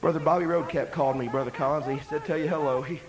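An older man preaching a sermon, swinging between loud shouting and quiet talk. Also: on the high side, steady tone, racing, noisy background. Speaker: pastor.

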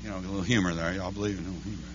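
A man preaching a holiness church sermon, chanting his lines between breathy "uh, amen" beats. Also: low-pitched, steady tone, rapid-fire, dull audio, background noise. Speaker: pastor. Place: church sanctuary.

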